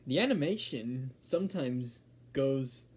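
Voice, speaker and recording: A man at a middling pitch, reviewing a film in a relaxed, unscripted way. He rambles, restarts his sentences and fills the gaps with "like" and "um". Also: unhurried. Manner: rambling, fillers and restarts, chuckling. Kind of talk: casual video review.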